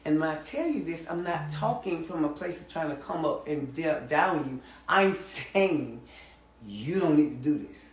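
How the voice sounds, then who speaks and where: A woman's voice: low voice, animated, moderate pace. A woman on a reality show talking firmly in a lecturing way. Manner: firm, lecturing. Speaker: reality show cast member. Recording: roomy, distant show clip.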